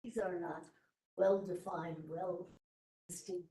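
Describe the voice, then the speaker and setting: A woman testifying as an expert witness under cross-examination, speaking haltingly and often trailing off mid-sentence. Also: lowish voice, steady tone, mellow, slight background noise. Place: courtroom. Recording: echoey courtroom audio from far off.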